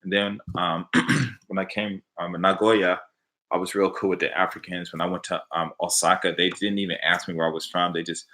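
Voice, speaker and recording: A man from Los Angeles speaks with an American accent in a low, deep register. His tone is bright and forceful. He tells casual stories in an animated way and slips into the voices of the people he quotes. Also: fairly quick. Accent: American English. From Los Angeles, USA. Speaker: vlogger answering viewer questions. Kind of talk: casual storytelling.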